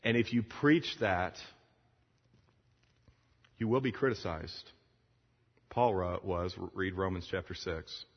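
A man preaching a sermon to fellow preachers, retelling a film scene with lively acted-out dialogue before closing in prayer. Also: low-pitched, takes it slowly, pauses often, breathy edge. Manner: animated storytelling, acting out the dialogue. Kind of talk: sermon to pastors. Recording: lo-fi sound in a long-echo hall.

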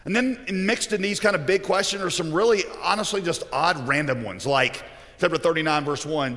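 A man preaches a sermon, weaving in stories and jokes. His voice is bright and a little high. Long reverb from a large hall trails behind every phrase. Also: fairly quick. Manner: storytelling, joking.

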